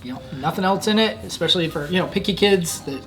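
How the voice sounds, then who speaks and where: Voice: mid-range voice, quick pace, music in the background. A vlog co-host chatting casually about candy with dry, wry humor. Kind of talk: casual candy-tasting chat.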